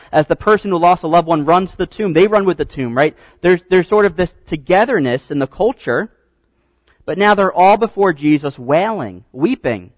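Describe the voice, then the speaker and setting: A man's voice: sits high, dry recording, rough recording. A man preaching a sermon in a conversational teaching style, often checking in with "right?" and repeating words as he restarts.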